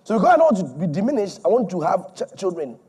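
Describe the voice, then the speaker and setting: A male preacher delivering an emphatic, repetitive sermon that swings between loud and soft. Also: high-pitched, sing-song, fast, breathy edge.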